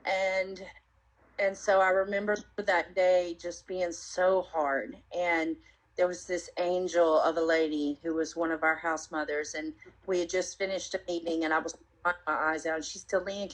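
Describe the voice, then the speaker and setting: A woman sharing her personal testimony in an interview, telling her story earnestly and reflectively, with many pauses and fillers. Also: fairly low pitch, rough recording.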